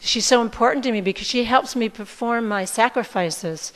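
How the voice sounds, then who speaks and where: A woman voicing a gentle, forgiving old male sage as she tells a scripture story. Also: fairly high pitch, moderate pace, long reverb tail, lightly acted, low-quality recording. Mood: calm. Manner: calm, gentle.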